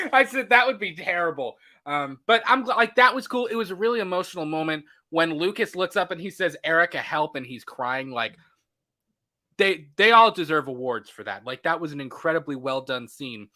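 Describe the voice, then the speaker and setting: Male podcast co-host, fairly high voice, animated casual review chat. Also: fairly quick. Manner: animated, excitable, acts out reactions.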